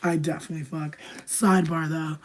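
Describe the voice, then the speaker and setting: A young adult streamer with a sick voice, rambling casually to chat with heavy "like" filler, swearing freely and often dropping into a breathy half-whisper. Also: medium pitch, flat delivery, a little fast. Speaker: livestreamer answering chat.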